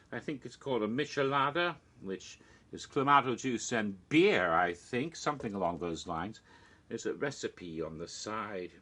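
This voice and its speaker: Guy chatting while he mixes a drink, bright clear tone, cracks puns and laughs at them. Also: mid-range voice. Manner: jokey, punning, chuckling at his own jokes; rambling asides with mock alarm. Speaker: cocktail show host. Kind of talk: casual chatty cocktail-making monologue.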